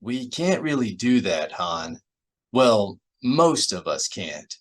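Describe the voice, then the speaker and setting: A man voicing an earnest, measured male Jedi master in an audiobook. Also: fairly low pitch, sing-song, exaggerated voice.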